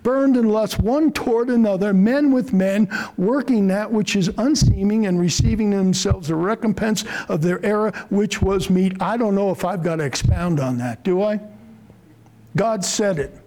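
A middle-aged man preaching with fervor, his voice sitting high for a man. He drives points home with force, then eases into slow, soft asides. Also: rough recording. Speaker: pastor. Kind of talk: sermon.

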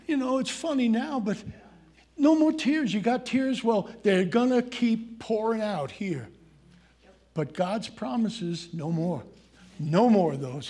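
A man's voice: high voice, lively intonation, slow pace, dark tone. A man preaching a sermon, folksy and conversational, reading scripture and asking his congregation questions. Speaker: pastor.

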